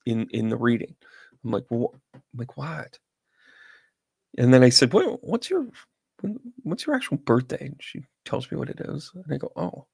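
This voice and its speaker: Guy with a bit of a gravelly voice doing a chatty livestream, close dry mic, rambles and talks to chat. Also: mid-range voice, darkish tone, no room sound. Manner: chatty, rambling storyteller, talks to viewers by name. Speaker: psychic medium host. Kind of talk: casual livestream chat with tarot reading. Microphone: sensitive close microphone.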